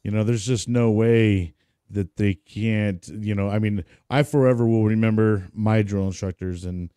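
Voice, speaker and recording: A laid-back American man hosts the podcast with a warm, dark and smooth low voice. The sound is dry and close, and he swears casually and laughs as he talks. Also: steady tone, unhurried, dry recording. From United States. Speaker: podcast host, veteran. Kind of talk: casual interview chat.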